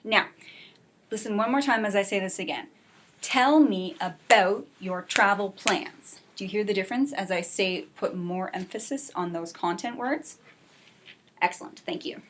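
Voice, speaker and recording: A woman teaching an English class for adult learners, speaking clearly and encouragingly, and modeling example sentences slowly. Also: medium pitch, a bit bright. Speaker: ESL teacher.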